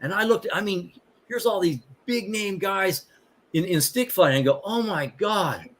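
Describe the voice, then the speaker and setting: An older man, a martial arts instructor, chatting as a guest in a rambling, animated way with many fillers and restarts. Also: sits high, normal speed. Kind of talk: casual storytelling.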